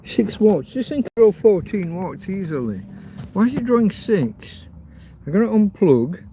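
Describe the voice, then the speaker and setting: A warm, high-sitting voice with big pitch swings at normal speed, over slight background noise, belongs to a livestreamer cooking in a field. Recorded as dull lo-fi phone audio, he chats in a rambling, casual way, crude and full of swearing as he jokes.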